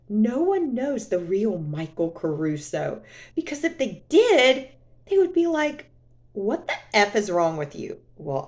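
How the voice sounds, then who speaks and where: Exasperated, sarcastic woman with a lively, high voice. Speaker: vlogger. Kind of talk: casual to-camera vlog.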